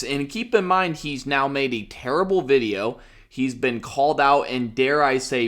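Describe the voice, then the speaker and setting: A man's voice: medium pitch, a bit bright. Sarcastic young man ranting. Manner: sarcastic, profane, mocking with short laughs. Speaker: commentary YouTuber. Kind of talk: ranting commentary.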